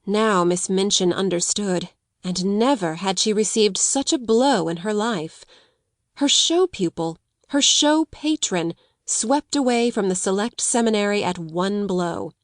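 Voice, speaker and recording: A woman reading an audiobook of a classic novel in measured, expressive storytelling. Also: medium pitch, dry recording, studio quality. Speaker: audiobook narrator. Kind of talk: scripted narration of a classic novel.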